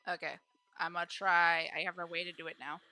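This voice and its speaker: A woman's voice: fairly low pitch, level tone, brisk, pushed and bright, faint music behind. A woman streamer giving casual live commentary on a game, grumbling aloud and swearing freely.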